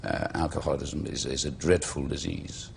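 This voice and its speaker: A middle-aged Welsh man and actor, telling stories in a slow, measured, eloquent way as a talk show guest. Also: a bass voice, flat delivery, vocal fry, slight background noise. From Wales.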